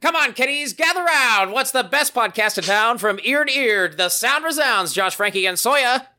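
A man doing a high, sing-song voice as a zany carnival-style male showman in a podcast. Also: lively intonation, normal speed, bright, forceful tone, heavily acted. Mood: exuberant.

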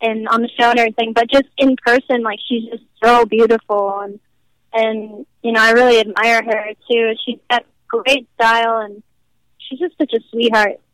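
A woman's voice: fairly high pitch, flat delivery, normal speed, a bit bright, no room sound, low-quality recording. A bubbly young woman from Nashville, a guest actress chatting in an interview, giggling often and saying "like" a lot. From Nashville, American South. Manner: bubbly, giggly, heavy use of "like". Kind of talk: casual interview chat.

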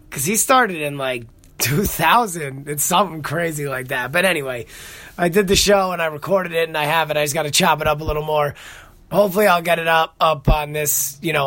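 Young male podcast host, a bit high-pitched, dry close sound, rambling and cursing. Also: creaky, no echo. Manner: excitable, profane storytelling. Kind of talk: casual monologue.

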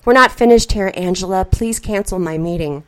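A woman's voice: medium pitch, normal speed, lightly acted. A woman reading a stern, terse young businessman. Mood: stern, curious. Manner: terse and quiet, clipped replies. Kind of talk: reading a story aloud.

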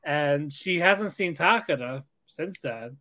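A man's voice: a little high, expressive, slow pace, bright, forceful tone. A man co-hosting a casual anime podcast, recapping episodes in a loose, rambling way. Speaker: podcast co-host.

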